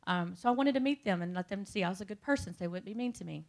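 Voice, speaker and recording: A woman's voice: mid-range voice, lively intonation, very fast, gravelly, darkish tone. Woman telling her testimony in church. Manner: conversational storytelling, talks to the audience directly. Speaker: church speaker giving testimony. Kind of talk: personal testimony to a congregation.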